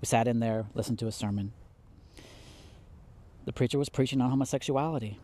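A middle-aged man preaching a heartfelt sermon, pleading and impassioned, swinging from soft to loud and close to tears. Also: medium pitch, brisk. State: near tears.

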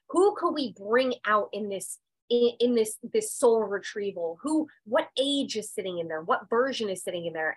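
She speaks a little high, with a fairly bright tone and a breathy edge, over a rough recording. As a podcast guest and a medium and intuitive, she recounts her personal story with candor, emphasis and free swearing, her voice dipping and lifting in raw emotion.

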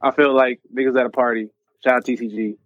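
A man's voice: mid-range voice, steady tone, fast talker, dry recording. A man guesting on a podcast, telling a rambling party story in casual chat. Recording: dull lo-fi sound.

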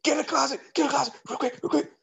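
A man's voice: extremely high pitch, fairly even intonation, creaky, a bit bright, voice pushed up, exaggerated voice. A man doing a frantic young woman. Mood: urgent hushed. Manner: hurried, urgent hissing orders. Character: panicked young woman hiding her lover. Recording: dull lo-fi recording.

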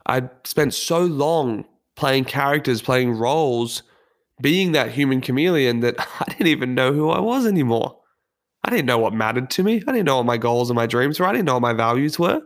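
A man's voice: mid-range voice, expressive, normal speed. A man speaking in an earnest, candid and reflective way, delivering a motivational monologue on personal development.

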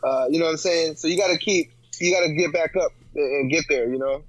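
A man's voice: a little high, fast talker, dry recording, poor audio. A man in a casual podcast chat, rambling and slangy, full of fillers and restarts.

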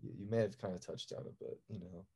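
A man interviewing a guest, asking rambling, halting questions with many fillers. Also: sits low, steady tone, dark tone, slightly rough. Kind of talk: casual interview.

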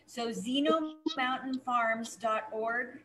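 Slow-talking bright-voiced woman host. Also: a little high, rough recording. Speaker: podcast host. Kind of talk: casual interview chat.

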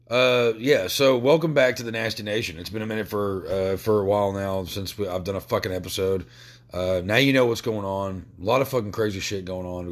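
Deep-voiced man, emotional podcast host. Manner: emotional, sweary, halting restarts. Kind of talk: personal podcast talk.

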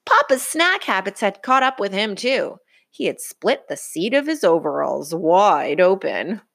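A woman reading a picture book aloud to a child in an expressive, sing-song way. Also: mid-range voice, measured pace, gravelly. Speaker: storybook reader.

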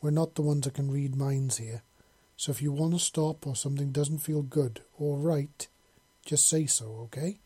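A man's voice: a little high, moderate pace, few pauses, dark tone, husky. A man reading the lines of a caring young human woman, speaking in an earnest, reassuring way.

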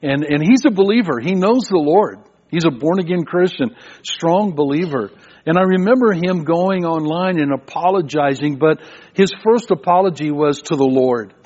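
In a muffled, lo-fi recording, an older man preaches as a pastor, his voice on the high side and a little mellow, moving at normal speed. His sermon unfolds as conversational storytelling, full of frequent repetitions.

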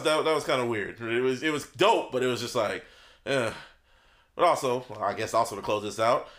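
A man co-hosting a podcast in casual chat, animated and swearing freely, voice jumping up when he gets excited and laughing often. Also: medium pitch. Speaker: podcast co-host.

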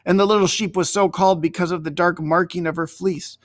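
A man reading a story aloud in a measured, expressive storytelling manner. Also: on the high side, no echo.

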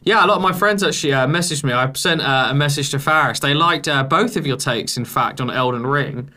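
A man's voice: medium pitch, fairly quick, pushed and bright. A man hosting a casual gaming podcast, chatty and playfully teasing. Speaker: podcast host.

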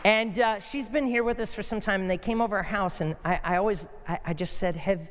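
A pastor preaches in a high, bright-toned voice, climbing even higher as his stories get going. He is an animated storyteller, and his words ring out with a long reverb through a church hall. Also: fairly quick, a little hiss or hum. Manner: animated storytelling, rises high when excited. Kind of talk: sermon.

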